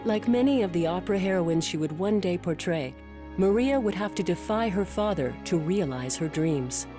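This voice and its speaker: A woman narrating a documentary in a measured, scripted delivery. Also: on the low side, animated. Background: music.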